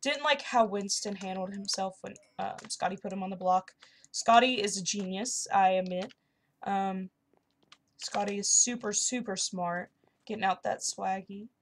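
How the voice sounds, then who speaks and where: A young woman chatting casually and excitedly while playing a video game. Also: mid-range voice, unhurried, a little hiss or hum. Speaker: gaming YouTuber. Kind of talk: casual commentary over gameplay.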